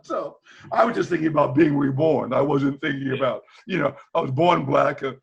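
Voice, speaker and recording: The sound is lo-fi, and the man talks briskly in a fairly high, creaky voice with a breathy edge. He's an older former teacher from Boston, a video call guest who tells candid stories, acts out the quoted dialogue, and laughs frequently.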